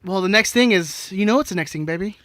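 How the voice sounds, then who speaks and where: A man with a high, bright voice co-hosts a casual podcast, joking and teasing. The recording is close and dry. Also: fast, dry recording. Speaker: podcast co-host.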